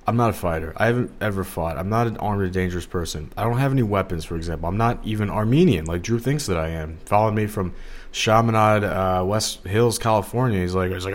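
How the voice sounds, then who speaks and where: A Los Angeles-area man with a fairly low voice talks briskly on his solo podcast. He rambles and digresses casually, leaning heavily on fillers.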